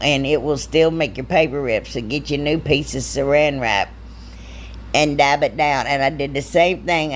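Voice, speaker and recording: A woman, narrating her own craft video in a chatty, giggly, self-deprecating way. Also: low voice. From Ohio, US. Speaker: DIY crafter, channel host. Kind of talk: casual crafting voice-over.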